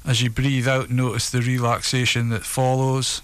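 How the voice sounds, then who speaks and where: A man leading a group through breathing and muscle relaxation exercises, giving calm, steady instructions. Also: medium pitch, normal speed, clear, resonant tone, no echo. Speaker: relaxation session leader.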